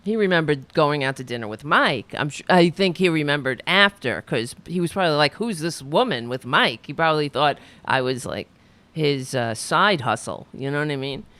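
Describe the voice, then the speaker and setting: A middle-aged woman hosting a podcast speaks at normal speed in a deep, expressive, slightly bright voice. After an interview she chats casually, rambling, swearing and poking fun at herself.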